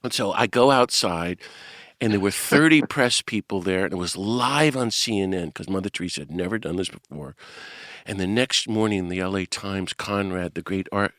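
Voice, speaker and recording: Low-voiced man telling a lively story. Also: moderate pace, no room sound, studio quality. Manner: animated storyteller, acts out quoted voices, laughs at himself. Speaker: podcast host. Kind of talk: storytelling interview.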